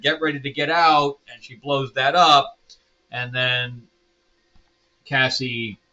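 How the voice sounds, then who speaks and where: A man's voice: mid-range voice, pushed and bright, dull audio. A man hosting a casual comic book review, rambling with lots of fillers and chuckling asides.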